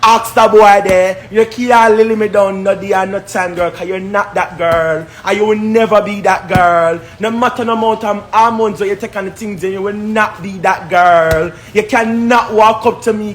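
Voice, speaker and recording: A man's voice: sits high, steady tone, moderate pace, hardly any pauses, soft background music. A man with a Jamaican accent, ranting on a live stream in a confrontational, repetitive, scornful way. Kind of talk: heated live-stream rant.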